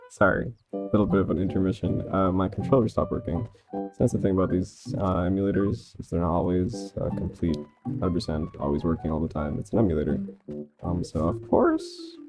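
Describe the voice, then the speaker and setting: A woman casually rambling through a gameplay commentary, chatty and quick to laugh at herself. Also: a bass voice. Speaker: gaming vlogger. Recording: game music behind.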